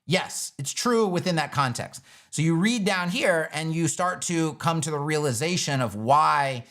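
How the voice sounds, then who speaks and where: A man answers viewer questions on a casual livestream in an animated, emphatic way. His voice sits fairly high, and he swears casually. He slips into quick mock voices of frustrated users as he goes. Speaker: web design educator and livestream host.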